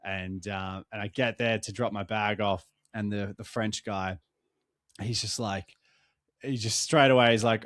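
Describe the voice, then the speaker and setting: A man's voice: lowish voice, moderate pace, no room sound. A young Australian man co-hosting a casual podcast, telling travel stories with plenty of swearing. He sounds worn out from the trip. The recording is dry and close, with no room sound. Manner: swearing, animated storytelling. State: tired after travel. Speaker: podcast co-host. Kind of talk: casual chat.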